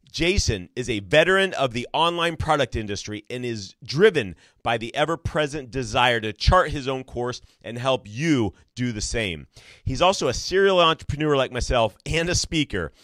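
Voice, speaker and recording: A man hosts a business interview show with bright, eager energy. His voice sits at a middle pitch. The recording is dry and close, with no room echo. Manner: upbeat, energetic. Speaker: podcast host. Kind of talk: enthusiastic interview intro.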